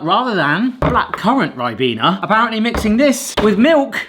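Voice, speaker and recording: Middle-aged bloke, mild bristol accent, chatty cooking vlog host, voice bouncing up and down a lot. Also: male voice, high-pitched, big pitch swings, normal speed, over music. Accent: mild Bristolian English. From Bristol, England. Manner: chatty and jokey, talks while cooking and tasting. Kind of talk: casual cooking vlog chat. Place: home kitchen indoors.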